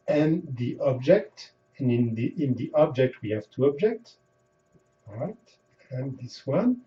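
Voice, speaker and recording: In a slow lesson, a male language teacher repeats example phrases with lots of rise and fall in his pitch. His tone is mellow and a bit dark. The recording is dull and roomy, with echo, as though the microphone were some distance off.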